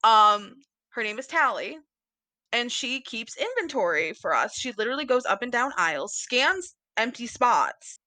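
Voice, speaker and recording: A woman's voice: on the high side, very animated, a little slow, sharp tone, no echo. A woman co-hosting a podcast, chatting casually about books in a rambling, giggly way with lots of fillers. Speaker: podcast co-host.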